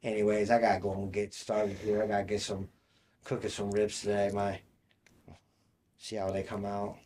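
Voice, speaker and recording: A man's voice: fairly low pitch, completely flat delivery, normal speed, a little mellow, a little hiss or hum. A young man co-hosting a podcast, telling rambling stories in casual chat and laughing mid-sentence. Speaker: podcast co-host.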